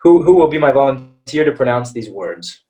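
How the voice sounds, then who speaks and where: A male English teacher leads an online webinar on vowel sounds. He explains each point patiently and ends almost every phrase with a checking "okay?" His voice sits at a middle pitch and sounds a little distant from the microphone. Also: lively intonation, normal speed, mellow. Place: online video-call webinar.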